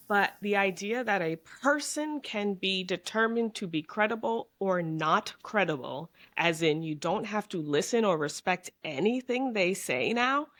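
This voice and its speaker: A woman's voice: medium pitch, fairly bright tone. Earnest woman guest explaining at length. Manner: earnest, long run-on explanations. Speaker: podcast guest. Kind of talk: casual conversation.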